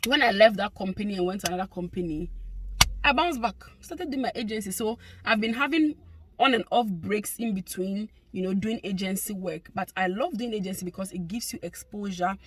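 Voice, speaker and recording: A woman's voice: mid-range voice, breathy edge. A young adult woman, a healthcare worker, chatting casually to her vlog viewers, effusive and laughing often.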